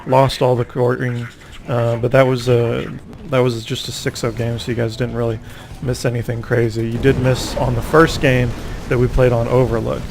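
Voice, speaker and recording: A man casually recapping a tournament over gameplay, rambling and poking fun at himself, with quick reactions to the match. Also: mid-range voice, little pitch movement, noisy background. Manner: rambling, self-mocking, reacts aloud to the game.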